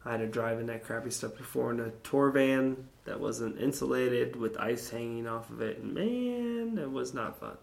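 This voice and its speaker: Gravelly man rambling as a podcast host. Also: medium pitch, little pitch movement, normal speed, hardly any pauses. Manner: rambling, jokey, crude humor, chats to listeners. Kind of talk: casual rambling monologue.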